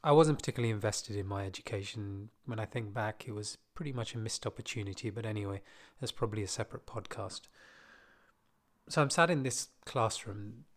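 Man telling a story, low-key. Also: brisk. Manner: relaxed, conversational, self-deprecating asides. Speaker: podcaster telling a personal story. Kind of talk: casual storytelling monologue.

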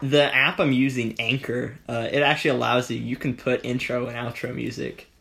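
A man's voice: mid-range voice, level tone, moderate pace, vocal fry, bright, forceful tone. A young man hosting a casual podcast chat, easygoing and amused. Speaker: podcast host.

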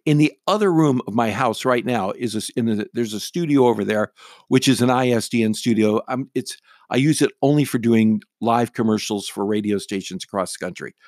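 A man's voice: medium pitch, no room sound, clean studio sound. A middle-aged man, a radio talk show host, telling a story casually in a blunt, wry and irreverent way.

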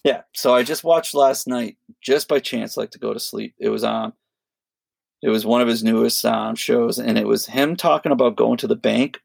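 A man co-hosting a podcast, telling a long story in a rambling, animated way, full of fillers and quoted voices. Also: mid-range voice, moderate pace, vocal fry, no room sound. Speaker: podcast co-host. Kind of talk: casual storytelling chat.

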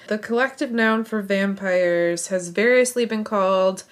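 A woman's voice: mid-range voice, a little slow. A woman co-hosting a podcast, chatting casually and offering facts she looks up. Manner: informative, fact-checking. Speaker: podcast co-host. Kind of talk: casual chat.

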